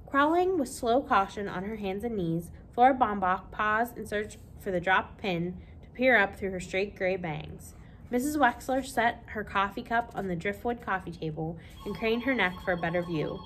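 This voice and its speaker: A children's librarian reading a novel aloud with expressive, lively storytelling. Her voice sits at a middle pitch, with a faint hiss behind it. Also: moderate pace.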